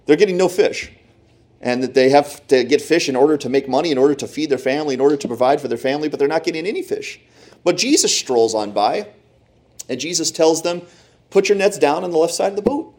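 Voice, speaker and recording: A man's voice: a little high, animated, fast, a little mellow. Man preaching a dramatic sermon. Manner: dramatic storytelling, acts out Bible characters.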